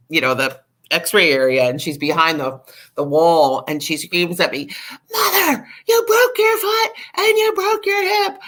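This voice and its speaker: Speaking in a deep voice, this middle-aged podcast guest recounts her recovery with frankness and energy. Fillers crop up throughout her animated account.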